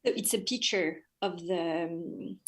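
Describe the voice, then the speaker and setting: A woman's voice: fairly low pitch, measured pace. A woman from France with a French accent, whose first language is French, asking a question on a video call and searching hesitantly for her words. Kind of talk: casual webinar question.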